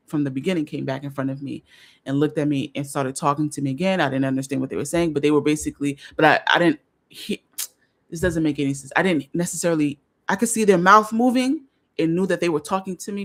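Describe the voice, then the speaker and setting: A woman's voice: deep voice, fast talker. Woman vlog host, casual storyteller, chatty and earnest, many restarts. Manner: rambling, restarts, chatty asides to viewers; earnest, openly emotional.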